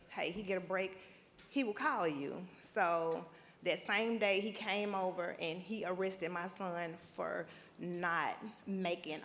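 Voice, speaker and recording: Slow, halting middle-aged woman in a hall. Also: lowish voice, a little hiss or hum. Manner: halting, emotional, slow and deliberate. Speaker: panel guest, mother of a prisoner. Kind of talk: personal testimony on a panel. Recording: reverberant conference hall.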